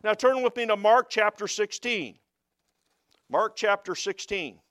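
A man preaching a sermon, telling a story quietly and then rising into loud, emphatic preaching. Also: high-pitched, lively intonation, unhurried, dry recording, clean studio sound.

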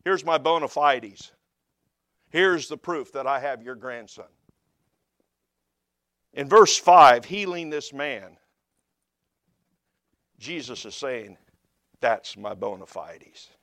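A man preaching a sermon, telling a story quietly and then rising into loud, emphatic preaching. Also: mid-range voice, lively intonation, slow pace, long pauses, dry recording, clean studio sound.

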